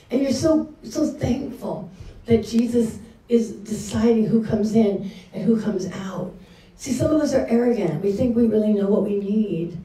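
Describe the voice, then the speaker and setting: A woman's voice: medium pitch, dark tone. A middle-aged woman giving a candid, conversational sermon at a church gathering, often acting out her own reactions. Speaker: speaker at a church women's session. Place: church hall. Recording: echoey room from a distance.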